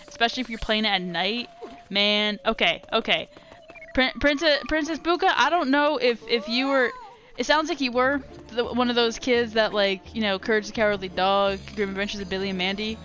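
A young woman streaming a video game at night, chatting casually with viewers, laughing often and reacting with animated excitement. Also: a little high. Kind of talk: casual gameplay commentary.

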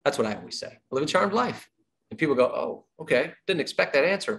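Guy running a high energy sales training, voice bouncing all over, acts out client chats, repeats his points. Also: fast talker. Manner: animated, acts out little dialogues with clients; repeats key points like a coach. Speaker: real estate sales trainer.

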